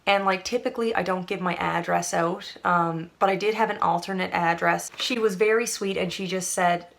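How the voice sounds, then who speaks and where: Chatty young woman, gravelly. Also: fairly low pitch, fairly even intonation, fairly quick, a bit bright. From Canada. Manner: chatty, rambling with fillers. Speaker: vlogger. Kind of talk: casual chat to camera.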